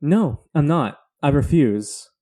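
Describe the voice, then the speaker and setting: A man's voice: a little high, animated, slow pace, warm tone. A man from Louisiana with a Southern accent, co-hosting a podcast, reading a scripted intro and then bantering in a playfully defiant way. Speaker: podcast co-host.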